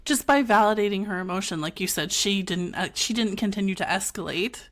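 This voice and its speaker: A woman's voice: mid-range voice, fairly quick, a bit bright. A woman hosting a podcast conversation who is affirming and conversational and often voices agreement. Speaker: podcast host.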